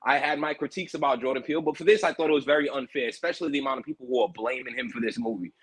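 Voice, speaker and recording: A man's voice: mid-range voice, a bit bright, breathy edge, no echo, rough recording. A man co-hosting a movie podcast, arguing his opinions in casual chat. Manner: quick, argumentative. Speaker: podcast co-host.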